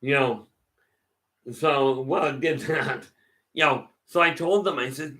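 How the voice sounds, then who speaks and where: A man's voice: mid-range voice, takes it slowly, sharp tone. A man hosting a casual question-and-answer session, telling stories in a rambling way with many restarts. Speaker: host answering viewer questions. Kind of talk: casual live Q&A talk.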